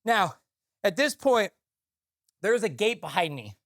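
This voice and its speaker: Excitable man telling a story. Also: high voice, unhurried. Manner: excited, restarts sentences, keeps asking "right?". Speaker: podcast co-host. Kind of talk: animated storytelling.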